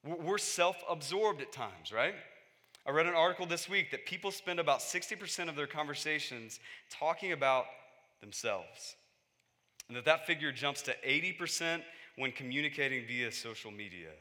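Bright-voiced male pastor preaching in a reverberant hall. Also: fairly high pitch, expressive, moderate pace. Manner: conversational, acts out quoted voices, rises to emphatic peaks. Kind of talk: sermon.

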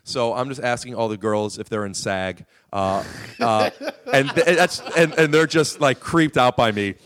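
A man's voice: mid-range voice, normal speed, a bit bright. A man guesting on a podcast, telling rambling, profane stories with lots of fillers. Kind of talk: casual storytelling.

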